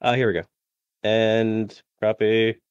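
A man's voice: on the low side, level tone, takes it slowly, smooth, no room sound, highs cut off. A man playing a tabletop game over voice chat, rambling, self-deprecating and often restarting his sentences. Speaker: player.

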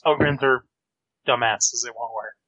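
Bright-voiced, blunt man at a game table. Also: mid-range voice, a little slow, dry recording, muffled recording. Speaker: player.

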